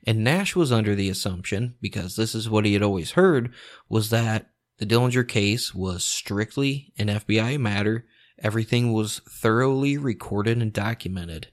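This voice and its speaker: A laid-back male storyteller with a lowish voice who tells the tale like a chat with friends. He swears freely and chuckles often. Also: normal speed. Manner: relaxed, profane, chuckling often. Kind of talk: casual storytelling.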